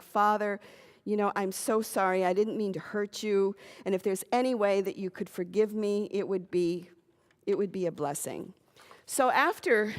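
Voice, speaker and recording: Woman minister telling a sermon story. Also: medium pitch. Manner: conversational, animated retelling with asides. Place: church sanctuary. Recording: long reverb of a church hall.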